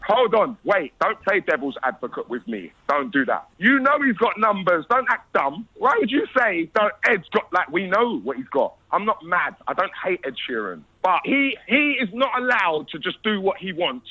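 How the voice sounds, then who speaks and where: A man's voice: high voice, very animated, moderate pace, few pauses, bright, forceful tone. A man arguing insistently in an interview, talking over the interviewer and pressing his point. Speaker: interview guest. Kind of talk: heated interview argument. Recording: muffled interview clip.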